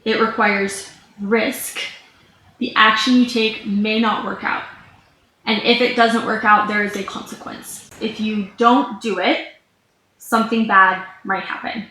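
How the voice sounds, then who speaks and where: A woman's voice: medium pitch, steady tone, unhurried, sharp tone. A woman in her thirties with a mid-range voice tells a personal story to her video audience, unscripted and a little rambling, with "like" sprinkled through her sentences. She sounds like a business coach talking straight to camera. The room gives her voice a noticeable echo, with a faint hum underneath. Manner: rambling, candid, frequent "like" fillers.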